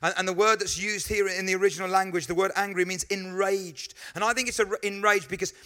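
A man preaches to his congregation, weaving in stories and quick asides. His voice sits high for a man and rings bright and forward. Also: smooth. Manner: lively storytelling with asides to the congregation. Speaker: pastor. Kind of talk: sermon.

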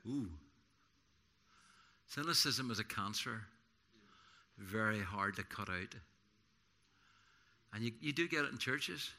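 Bright-voiced, animated man preaching. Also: lowish voice, slow, long pauses. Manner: animated, self-deprecating storyteller, repeats words and restarts. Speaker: pastor. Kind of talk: sermon with personal anecdotes. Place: church service.

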